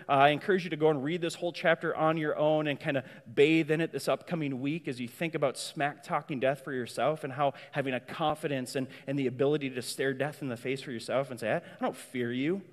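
A man's voice: a little high, fairly even intonation, fast, few pauses. A man preaching a sermon as pastor, emphatic and prone to repeating words as he goes. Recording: long hall reverb.

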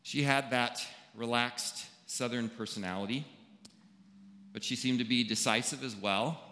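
Slow-speaking pastor in an echoing hall. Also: male voice, medium pitch, bright, forceful tone. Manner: slow, deliberate delivery with long pauses. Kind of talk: funeral sermon. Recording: echoey hall with long reverb.

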